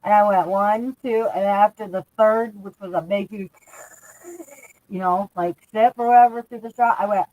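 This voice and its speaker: A woman's voice: medium pitch, steady tone, normal speed, mellow, no echo, poor audio. A woman in her thirties chatting casually on a stream, rambling through stories, swearing and laughing often. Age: 30s. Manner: laughing, crude, rambling storyteller. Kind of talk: casual group chat.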